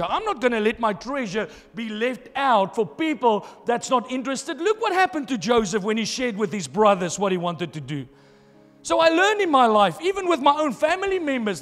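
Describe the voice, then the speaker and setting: A male pastor with a very high voice delivers an emphatic sermon, driving his points home through repeated phrases. It rings through a reverberant church hall over soft background music.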